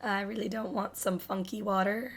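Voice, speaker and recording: A woman's voice: medium pitch, fairly even intonation, normal speed. A young woman casually commenting while she streams a game, joking and reading chat messages aloud.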